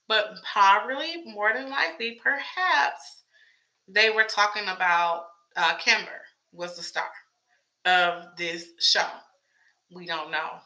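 A woman talks through her theories in a loose, chatty vlog, stacking up rhetorical questions as she goes. Her voice is very bright and a little strained. She sits at a middle pitch for a woman. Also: slow, rough recording. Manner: chatty, wondering aloud, many rhetorical questions. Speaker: show commentator. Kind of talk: casual fan commentary vlog.

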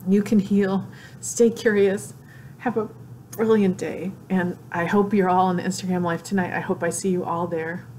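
A woman vlogging in an emotional, gushing way, tearful and crying as she talks with excited exclamations. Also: lowish voice, normal speed, a little hiss or hum. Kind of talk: emotional casual vlog.

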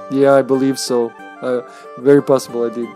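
Male game streamer, average pitch, casual rambling chat with frequent chuckles. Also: level tone, normal speed, mellow, soft background music. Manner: rambling, chuckles often between thoughts. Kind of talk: casual live-stream chat while playing.

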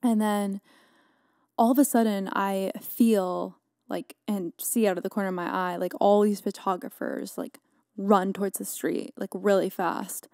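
A young woman hosting her own podcast, telling a story in a loose, chatty way. She is dramatic and leans on fillers. Her voice sits at a middle pitch and is recorded close and dry, with no room sound. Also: steady tone, unhurried, darkish tone, dry recording. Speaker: podcast host. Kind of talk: casual solo podcast recap.

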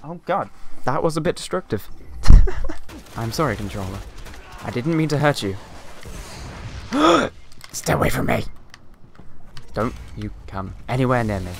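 A man giving chatty, excitable gameplay commentary at home, leaning toward a mic set below him. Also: mid-range voice, normal speed, long pauses, slight background noise. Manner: excitable, chatty, exclaims at the game. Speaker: gaming video creator. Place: home room with TV and a hot light. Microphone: mic placed below him, leans in.

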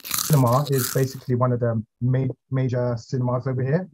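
A man's voice: mid-range voice, level tone, a little fast, background noise. A man being interviewed as an actor, talking casually with many fillers and restarts.

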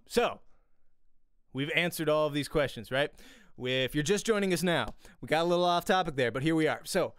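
Man with a smooth voice, teaching acting. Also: a little high, a bit bright, dry recording, studio quality. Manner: rambling, filler-heavy, with repeated restarts. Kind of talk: casual online acting lesson.

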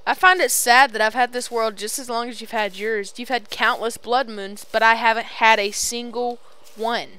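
A woman's voice: fairly high pitch, steady tone, moderate pace, pushed and bright, smooth, low-quality recording. A young woman chatting casually over a voice call while playing a game, teasing her friend and taunting enemies on screen. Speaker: gamer recording a let's play.

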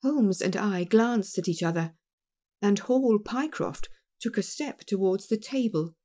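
A woman narrating an audiobook of a classic detective story in a measured, expressive reading. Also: mid-range voice.

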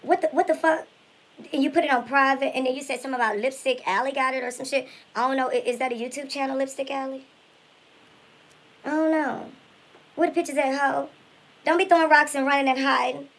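A woman's voice: high-pitched, fairly even intonation, brisk, poor audio. A woman impersonating a brash, foul-mouthed woman vlogger in a comedic spoof, ranting at her haters with nonstop profane insults. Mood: furious. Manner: profane, insult-hurling trash talk.

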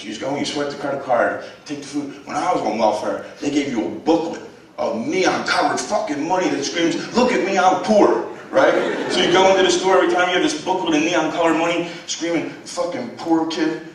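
In an echoey college lecture hall, a man speaks as a guest, sharing crude, frank stories with students and laughing as he goes. His voice sits on the high side and moves quickly, recorded from a distance with slight background noise.

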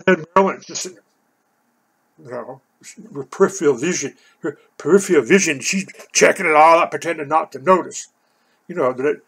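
An older man from California, hoarse, telling a rambling personal story full of "you know". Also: a little high, a little fast, a bit bright. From Oakland, California.

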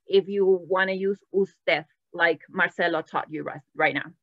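A woman's voice: on the low side, fairly even intonation, a little slow, no room sound. Woman teacher leading a live web class, bilingual, sound slightly dull and dry. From Latin America. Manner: switches between English and Spanish, quizzing the chat. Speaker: Spanish teacher. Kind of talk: live online language class.

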